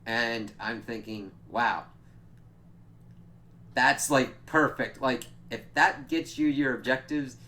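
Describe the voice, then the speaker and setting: A man giving a casual spoiler review, excitable and profane, with many filler words. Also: mid-range voice, takes it slowly, slight background noise. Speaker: TV episode reviewer.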